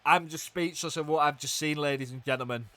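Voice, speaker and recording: A young man giving excitable play-by-play commentary on a wrestling video game, swinging from hushed groans to loud shouts. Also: a little high, brisk, no room sound.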